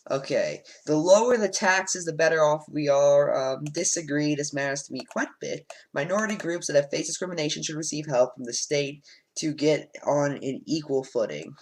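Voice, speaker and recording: A man whose voice runs on the high side speaks at normal speed as a let's play host, reading quiz lines off and bluntly answering them with plenty of ums. His home desk microphone gives a rough recording.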